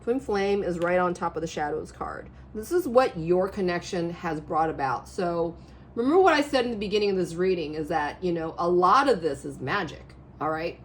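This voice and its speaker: A woman reading tarot cards in a rambling, animated way, her voice a little hoarse, often checking in with the listener. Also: on the low side, normal speed, a little hiss or hum. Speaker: tarot reader. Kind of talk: casual spiritual reading to camera.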